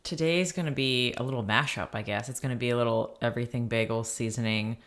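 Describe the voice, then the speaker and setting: A woman's voice: rumbling low, fast talker. A woman co-hosting a podcast in casual chat, giggling often and talking with many fillers. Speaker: podcast co-host.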